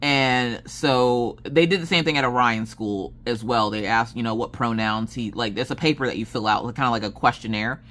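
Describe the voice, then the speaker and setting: A woman's voice: extremely low pitch, brisk, few pauses, fairly bright tone. A woman craft vlogger in a casual chat, telling a rambling story with many fillers and restarts.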